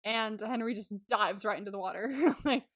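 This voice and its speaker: A woman's voice: mid-range voice, normal speed, fairly bright tone, no room sound, studio quality. A woman co-hosting a podcast, chatting casually and giggling often as she recaps a movie, with lots of 'like' in her speech. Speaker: podcast co-host.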